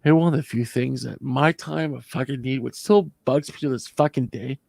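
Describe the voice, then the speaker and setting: At a normal speed, his medium-pitched voice sounds creaky and a little mellow, with no echo. In a casual storytelling chat on the podcast he co-hosts, this Canadian former convention staffer rambles emotionally through a long, profane story, acting out what people said.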